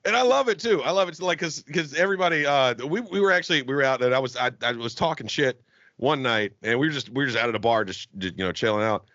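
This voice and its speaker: Casting: bright, sharp man, profane rambler, dry muffled mic. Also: mid-range voice, expressive, fast, no echo. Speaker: podcast host. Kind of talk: casual podcast chat. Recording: dry, slightly dull sound.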